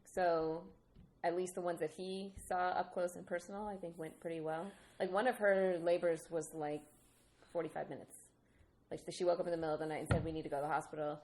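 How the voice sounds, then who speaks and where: A woman's voice: fairly low pitch, fairly even intonation, a little fast, a little mellow. A woman in her thirties co-hosting a podcast, talking candidly and laughing often as she retells what people said. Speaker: podcast co-host. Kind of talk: casual chat.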